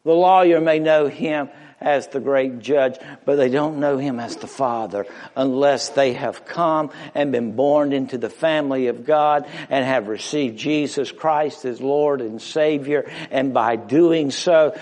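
A man preaching a sermon to a congregation in a church, impassioned, swinging from loud emphatic rises to hushed near-whispers. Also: medium pitch, expressive, a little slow. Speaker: pastor. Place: church sanctuary before a congregation. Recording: long reverb of a large hall.

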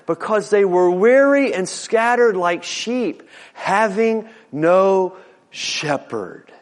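A man's voice: sits high, animated, slow. A middle-aged man preaching a sermon as a pastor, folksy and earnest, often repeating words and stacking alliterative phrases. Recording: long hall reverb.

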